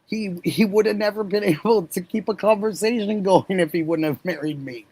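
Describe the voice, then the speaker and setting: A middle-aged woman hosting a livestream, chatting warmly with viewers, effusive and laughing often. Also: medium pitch, a little fast, husky, no echo, poor audio. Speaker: livestream host. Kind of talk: casual chat with live viewers.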